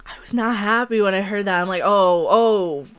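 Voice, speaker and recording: A woman's voice: mid-range voice, moderate pace, fairly bright tone, clear, resonant tone. A woman hosting a casual live stream from home, chatty and giggly, swearing freely as she greets viewers and reads out donations. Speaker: livestream host. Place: room at home with a window open.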